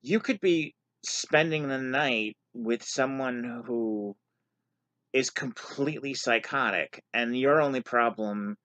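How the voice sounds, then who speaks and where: A man's voice: medium pitch, slow, a bit bright, no room sound, lo-fi sound. A man casually telling a personal story on his vlog, candid and self-deprecating. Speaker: vlogger sharing his story.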